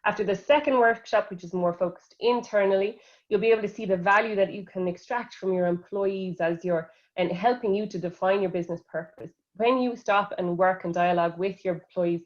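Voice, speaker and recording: A woman presenting a training course in a steady, clear manner. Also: on the low side. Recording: dull, muffled audio.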